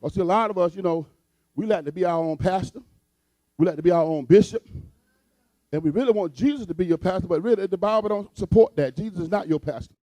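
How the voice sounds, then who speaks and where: A man's voice: high-pitched, fast, mellow, no room sound. A man preaching a sermon as pastor, with a repetitive cadence that builds to fervent emphasis.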